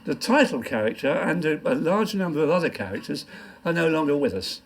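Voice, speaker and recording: An older comic poet gives a live stand-up poetry reading in a pub function room, rambling along and making fun of himself. He sounds very animated and brisk, with a fairly high, creaky voice.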